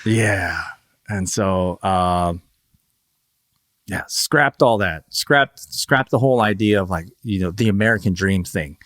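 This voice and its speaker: A man's voice: low voice, slow, a bit bright, no room sound, studio quality. Rambling, laughing man from Northern Virginia. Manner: rambling, laughs often, acts out quoted voices. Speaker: podcast guest. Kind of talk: casual conversation.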